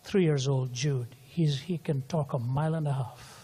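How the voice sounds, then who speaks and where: A man's voice: medium pitch, normal speed, warm tone, slightly rough. An older man preaching a sermon and telling stories, his voice climbing to emphatic peaks. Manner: storytelling, voice rising to emphatic peaks. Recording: hall reverb.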